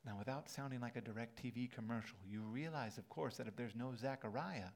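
A man's voice: medium pitch, fairly quick. Earnest male pastor preaching. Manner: earnest, building to emphatic peaks. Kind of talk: sermon. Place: church sanctuary.

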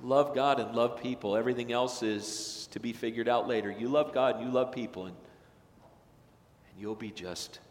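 Impassioned preacher in an echoing sanctuary. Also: male voice, mid-range voice, fairly even intonation. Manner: impassioned, swings from loud emphatic peaks to hushed slow phrases. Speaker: pastor. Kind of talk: sermon. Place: church sanctuary.

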